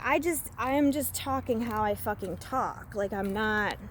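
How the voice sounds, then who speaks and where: A woman vlogging casually while walking outdoors in the woods. She talks in an expressive, engaging way, with lots of fillers. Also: on the high side, unhurried, slight background noise. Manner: expressive, animated delivery with many fillers. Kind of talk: casual walk-and-talk vlog.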